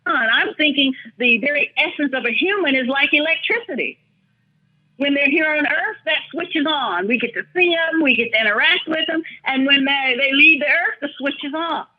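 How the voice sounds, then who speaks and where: Older woman, high voice, thoughtful heartfelt storytelling, kinda dull lo-fi sound. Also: animated, moderate pace. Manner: thoughtful, earnest, speaks with feeling. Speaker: interview guest. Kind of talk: reflective personal storytelling. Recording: dull lo-fi recording.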